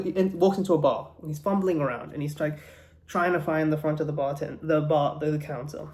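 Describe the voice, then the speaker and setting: A man's voice: fairly high pitch, darkish tone. Guy rambling thru a joke, lots of ums and restarts, casual. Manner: rambling, stumbling, many restarts and fillers. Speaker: comedian telling a joke.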